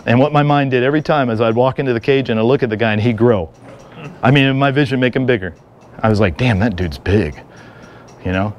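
Energetic joking male seminar instructor. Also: mid-range voice, fast talker, slight background noise. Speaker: firearms and martial arts instructor. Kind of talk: live seminar lecture.

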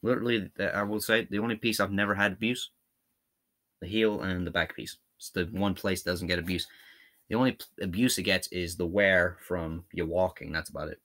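Low-voiced Scottish man explaining boot care. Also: steady tone, fairly quick, fairly bright tone. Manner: chatty and informal, thinking aloud while working. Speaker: how-to video host. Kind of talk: casual hands-on tutorial.

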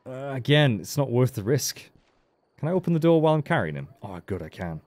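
A man's voice: mid-range voice, sing-song, brisk, a little mellow, no echo. A man giving casual, joking game commentary as a let's play host, with frequent swearing. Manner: chatty, joking, swears freely.

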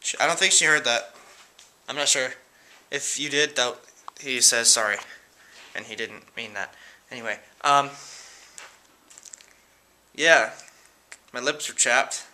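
A teenage guy rambling through shout-outs in a casual vlog at home, giggling and hesitant. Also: medium pitch, a little slow, pauses often. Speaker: vlogger. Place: room at home.

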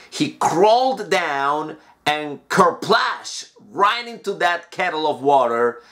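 Lively man reading a children's story. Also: on the high side. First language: Spanish. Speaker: English teacher.

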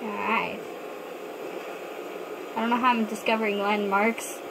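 A young woman chatting excitedly to herself while playing a video game. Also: mid-range voice, measured pace, gravelly. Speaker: gamer. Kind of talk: gameplay commentary. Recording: noisy game audio behind.

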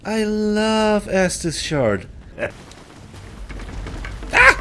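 Man, let's play host, sarcastic commentary, slightly high voice, slow delivery. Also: big pitch swings, fairly bright tone, faint music behind. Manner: sarcastic, jokey, exclaiming and laughing. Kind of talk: gameplay commentary.

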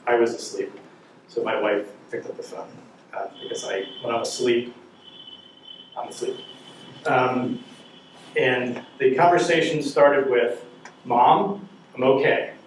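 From far off in a very echoey room, a middle-aged man with a mid-range voice teaches a church parenting class, with a little hiss or hum on the recording. He tells joking stories and asks the audience questions in a humorous, anecdotal talk.

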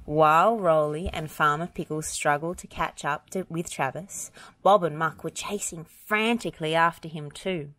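A woman reads a children's picture book aloud in a gentle, expressive way. Her voice sits a little low. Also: moderate pace, no room sound. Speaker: storybook reader. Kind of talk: children's read-aloud narration.

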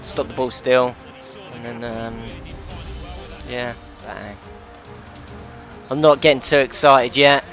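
A man calls his football video game match live, his voice sitting at an ordinary middle pitch. He grumbles, curses and barks at his players. Faint music runs behind him. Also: steady tone, slow pace, pauses often. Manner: frustrated, swears often, shouts at players. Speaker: gaming commentator. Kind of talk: live gameplay commentary.

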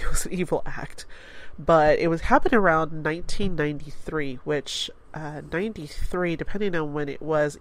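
A congested woman in her forties, a radio host chatting casually and rambling with small laughs. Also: deep voice. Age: 40s. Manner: rambling, laughs between thoughts. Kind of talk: casual chat.

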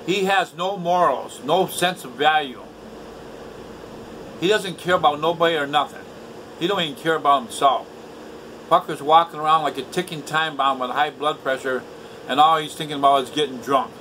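Bitter older man venting to camera, harsh bright voice, pitched a bit high, faint hum behind. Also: moderate pace, low-quality recording. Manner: profane, bitter, repetitive. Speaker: vlogger. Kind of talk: angry rant to camera. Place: indoors at home.

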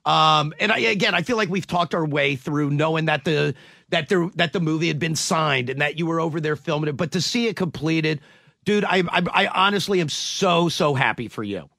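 Man, radio host, high pitch, enthusiastic, dry studio sound. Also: moderate pace, creaky, bright, forceful tone, no echo. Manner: enthusiastic, gushing praise. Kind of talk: casual radio interview.

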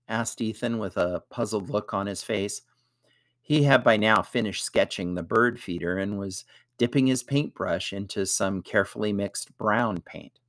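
A man narrating a storybook lesson aloud in an expressive way. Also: fairly low pitch, no room sound, studio quality. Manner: slow, expressive reading.

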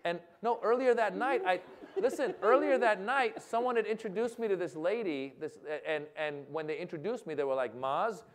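A comedian spins a story with lots of energy. He slips into other people's lines as he goes. His voice sits a touch high for a man. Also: brisk. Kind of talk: stand-up style anecdote. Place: lecture hall event.

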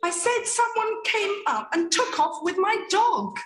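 A flustered young woman in a comedy sketch, hesitant and exasperated. Her voice is very high and swings widely in pitch. It comes through a roomy playback. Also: very animated, a little slow, heavily acted.

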